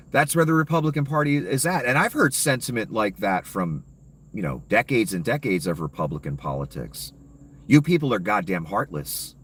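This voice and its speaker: A man's voice: medium pitch, a bit bright, distant mic. A man delivering a heated, profane, sarcastic political rant as a commentator.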